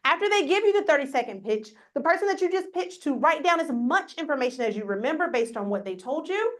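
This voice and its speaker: A woman with a somewhat high voice leads a live workshop, speaking straight to the people in the room. Her manner is upbeat and coaching, with an encouraging push behind it. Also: sing-song, quick pace. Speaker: workshop presenter. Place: conference room with a live audience. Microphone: on a mic, recorded for a hybrid audience.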